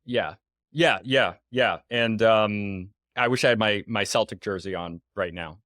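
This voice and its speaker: Brief: young American male host, lowish voice, rambling and hesitant, dry close sound. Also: measured pace, fairly bright tone, no echo. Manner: rambling, hesitant, many fillers. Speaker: podcast host. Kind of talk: casual interview chat.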